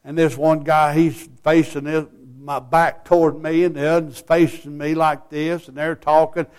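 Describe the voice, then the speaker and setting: An older man preaching a sermon, telling folksy stories and breaking into loud whoops. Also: a little high, little pitch movement, moderate pace, smooth.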